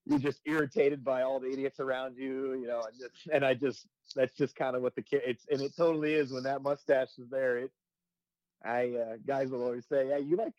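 A man in his twenties, a firefighter and comedy video creator, chatting casually and breaking into loud quoted voices as he tells stories. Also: medium pitch, a little fast, no room sound, dull audio. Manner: animated storytelling, jumps into loud quoted voices. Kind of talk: casual podcast chat.

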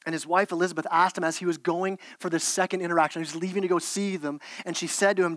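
A man's voice: high voice, fairly even intonation, fast talker, hardly any pauses, fairly bright tone, dry recording. A man preaching a sermon as pastor, earnest, with repeated words and restarts.

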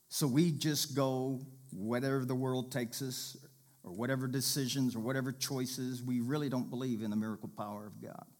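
A man preaching a sermon and reading scripture aloud, with animated, dramatic delivery that jumps between loud and soft, often calling out to the congregation. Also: medium pitch. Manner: calls out to the congregation.

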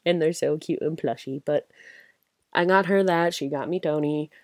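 A young adult woman speaks at normal speed in a low voice while hosting her solo podcast, a casual fan chat she fills with rambling, giggles, and enthusiasm even though it's late and she's tired. The studio sound is clean with no echo.

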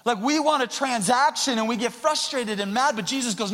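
A man preaching a sermon into a handheld mic, conversational and swinging from quiet to loud. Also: very high-pitched, brisk, hardly any pauses. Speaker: pastor. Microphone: handheld microphone. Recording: long hall reverb.

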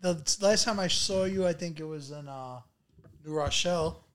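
High-voiced man throwing teasing questions. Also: a bit bright. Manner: teasing, quick interjections and questions. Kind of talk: casual podcast chat.

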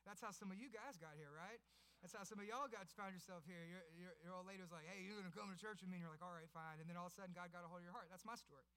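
A pastor in his thirties preaching a sermon, telling his story and building to loud, passionate preaching. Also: sits high, rapid-fire, clean tone.

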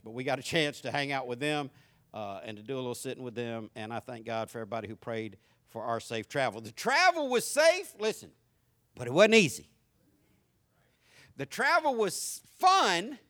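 A man's voice: medium pitch, a bit bright. A middle-aged man with a Southern US accent, preaching a sermon as a pastor and telling humorous stories to his congregation.

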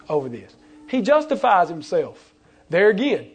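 Man, pastor, sermon, high voice, animated, acts out quotes. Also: normal speed.

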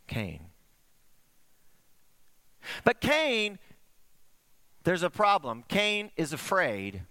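Animated bright-voiced male preacher. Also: no echo. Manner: animated storytelling, swooping between high and hushed. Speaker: pastor. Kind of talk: sermon.

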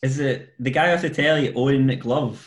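A man's voice: mid-range voice, normal speed. A Scottish man playing in a casual quiz, good-humoured and laughing often. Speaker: quiz contestant. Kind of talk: casual chat.

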